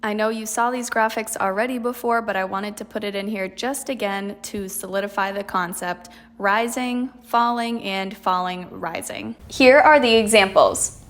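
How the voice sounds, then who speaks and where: A woman teaching an accent reduction lesson, speaking clearly and deliberately and demonstrating example sentences. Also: mid-range voice, fairly bright tone. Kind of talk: scripted instructional lesson.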